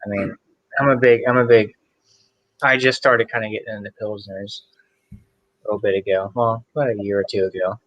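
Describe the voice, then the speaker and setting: Low-pitched man rambling through a beer tasting, dry and muffled video-call sound. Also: steady tone, no room sound. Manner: rambling, unhurried descriptions. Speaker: guest beer taster. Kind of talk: casual beer tasting chat.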